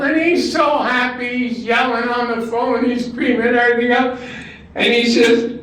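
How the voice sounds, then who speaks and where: A man's voice: very high-pitched, measured pace, a bit bright. An older man from Brooklyn tells jokes in a stand-up act at a talent show and chuckles at his own punchlines. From Brooklyn, New York. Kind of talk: stand-up joke telling. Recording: distant, very echoey hall recording.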